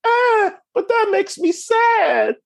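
A man voicing a whiny, self-pitying woman in a comic court fight, in a very high put-on voice. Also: big pitch swings, slow, vocal fry, exaggerated voice. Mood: wailing.

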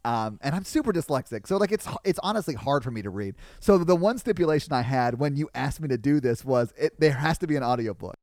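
A young man chatting casually as a podcast guest, telling animated stories and laughing often. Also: medium pitch, fast talker, few pauses, dry recording, clean studio sound. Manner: animated storyteller, laughs often, yells in punchlines. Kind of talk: casual chat.

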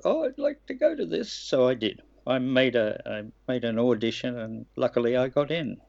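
An older man from Australia, a voice actor telling lively stories in an interview and laughing now and then. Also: medium pitch, gravelly. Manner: lively storyteller, laughs and acts out quotes. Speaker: guest voice actor. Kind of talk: anecdotal interview chat. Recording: dull lo-fi remote line.

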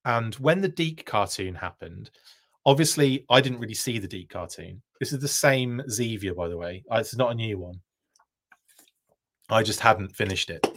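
A low-voiced man rambles through a casual livestream reaction. He keeps breaking off and restarting his sentences while he answers comments from viewers. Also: animated, moderate pace, fairly bright tone. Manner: chatty, self-interrupting, answers viewer comments. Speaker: host.

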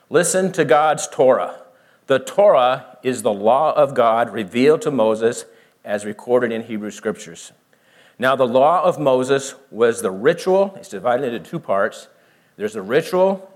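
A man giving a verse-by-verse Bible teaching, who explains slowly, asks his listeners questions and acts out both sides of the argument. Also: medium pitch.

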